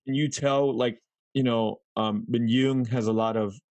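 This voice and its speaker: A man's voice: mid-range voice, fairly even intonation, measured pace, a little mellow, dry recording. Male podcast host, dry close sound. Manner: rambling, loosely built questions. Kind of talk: casual interview questions.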